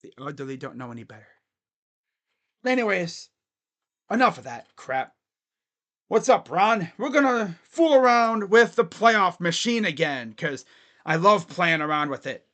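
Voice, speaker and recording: A man with a noticeably high-pitched voice hosts a casual fan livestream. He talks in a loose, rambling way, chatting with viewers as he goes. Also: sing-song, unhurried, fairly bright tone. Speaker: sports fan livestream host.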